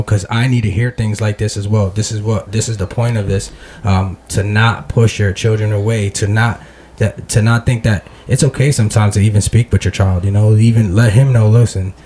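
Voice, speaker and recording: A man hosting a podcast in casual talk, speaking haltingly with many fillers and restarts. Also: lowish voice, warm tone, a little hiss or hum. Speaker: podcast host. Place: podcast studio.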